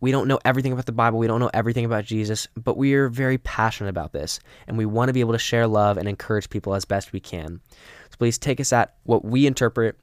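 A man's voice: mid-range voice, fast talker, clear, resonant tone, no room sound, studio quality. A young man co-hosting a podcast, closing the episode with a sincere, humble appeal to listeners. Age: young adult. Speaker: podcast co-host. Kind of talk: casual podcast outro.

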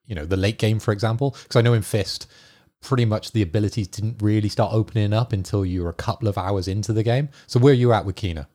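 A man's voice: lowish voice, quick pace, warm tone. A man co-hosting a casual gaming podcast who asks questions and follows up on them. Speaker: podcast co-host and editor.

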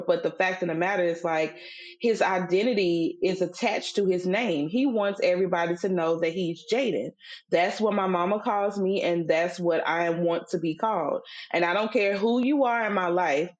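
A middle-aged woman with a lower-pitched voice, chatting casually as a podcast co-host. She tells a story conversationally, full of fillers, and slips into an emphatic, sermon-like delivery when she makes her point. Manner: conversational, acts out quoted voices, turns preachy and emphatic. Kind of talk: casual faith-based storytelling chat.

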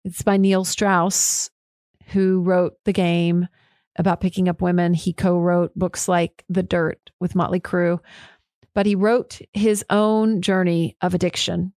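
Her voice is lowish and darkish, delivered flatly and a little slowly in a dry, studio-quality recording. On her solo podcast she speaks candidly and frankly, getting heated and swearing every so often.

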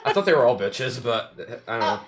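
A player in a tabletop role-play, talking in an animated, teasing way. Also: mid-range voice, a little fast. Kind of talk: playing a tabletop game.

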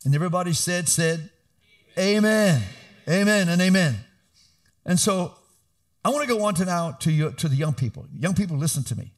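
Middle-aged male pastor, animated sermon delivery, slightly high voice with lively swings. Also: normal speed. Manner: animated preaching, rising to emphatic calls.

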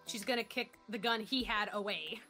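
A woman's voice: medium pitch, normal speed, bright, forceful tone, soft background music. A woman playing a tabletop game, hesitant and full of fillers as she describes her moves. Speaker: player.

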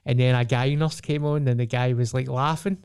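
A man's voice: medium pitch, fairly even intonation, a little fast, a little mellow, smooth, dry recording, clean studio sound. A young Scottish man telling rambling, sweary stories in a casual podcast chat. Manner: rambling, sweary storytelling with frequent restarts.

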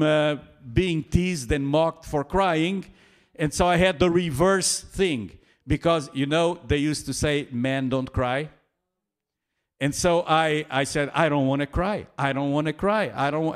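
Slow, halting male preacher. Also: on the high side. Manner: halting, many restarts and fillers, chuckles often. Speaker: pastor. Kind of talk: sermon.

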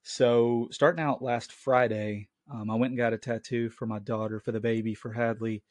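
A man's voice: medium pitch, level tone, moderate pace, dry recording. A man in his late twenties hosting a Christian podcast from home on his own mic, talking in an earnest, rambling way. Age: late 20s. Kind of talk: casual solo podcast talk. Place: at home, family in the next room.

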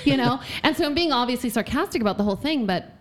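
Lively giggly woman podcast guest. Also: sits high, quick pace. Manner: giggly, bubbly, lots of laughter. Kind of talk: casual podcast chat.

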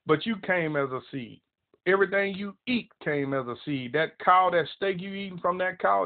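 A man preaching a broadcast sermon, emphatic and repetitive as he quotes scripture. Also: high-pitched. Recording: tinny phone-line audio.

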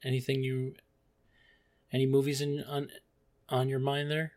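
A man co-hosting a casual movie podcast, animated and laughing, swearing casually. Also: mid-range voice, normal speed. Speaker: podcast co-host.

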